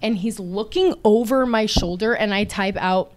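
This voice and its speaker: A young woman co-hosting a podcast, telling a story casually, animated and swearing freely. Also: medium pitch, moderate pace. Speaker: podcast co-host.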